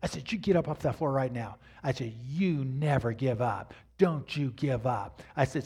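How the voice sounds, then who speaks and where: A middle-aged man preaching a sermon to a congregation, talking straight to them and building to near shouts at the peaks. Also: medium pitch, moderate pace, hardly any pauses, slightly rough. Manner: addresses the congregation directly. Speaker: pastor. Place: church sanctuary before a congregation.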